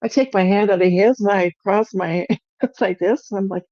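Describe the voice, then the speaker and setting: A middle-aged woman, a podcast guest, telling a story in an animated, lively way and acting out her own lines. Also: medium pitch, moderate pace, dry recording, highs cut off. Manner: animated, lively retelling with acted-out quotes. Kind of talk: storytelling in an interview.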